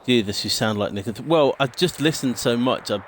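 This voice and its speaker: A man's voice: medium pitch, lively intonation, moderate pace, slight background noise. A British man streaming a game and chatting casually in a rambling way, swearing now and then and mimicking sound clips. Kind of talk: casual chat while gaming.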